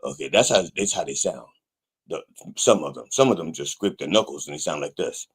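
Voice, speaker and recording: A man hosting a comic sermon show, rambling with wry, deadpan asides. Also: very deep voice, a little fast, slightly rough. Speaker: pastor and show host.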